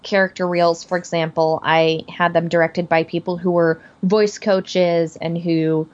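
A woman's voice: lowish voice, level tone, a little slow, muffled recording. A young woman, a voice actor, talking casually in a podcast chat with lots of fillers and restarts. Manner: chatty, many fillers and restarts. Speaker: voice actor guest.

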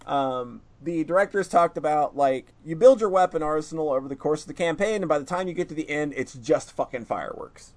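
A man co-hosting a casual gaming podcast, excitable and full of swearing. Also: on the high side, brisk, hardly any pauses. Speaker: podcast co-host.

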